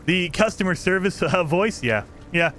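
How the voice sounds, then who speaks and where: A man's voice: sits high, lively intonation, moderate pace, fairly bright tone, faint music behind. A man streaming a game live, chatting with his viewers and laughing often as he plays. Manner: chatty, laughs often, talks to chat while playing. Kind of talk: casual live-stream chat.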